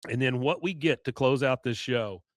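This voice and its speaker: A man hosting a podcast, casually recapping an episode, rambling with fillers, coughs and a tiring, hoarse voice. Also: mid-range voice, normal speed, no echo, clean studio sound. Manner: rambling retelling with many "uh"s, coughs and throat clearing. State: voice going hoarse. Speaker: podcast host.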